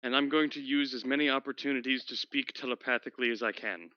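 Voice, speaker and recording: A man chatting with fellow tabletop players in a joking, animated way. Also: medium pitch, fast, no room sound, dull audio. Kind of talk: casual chat between players.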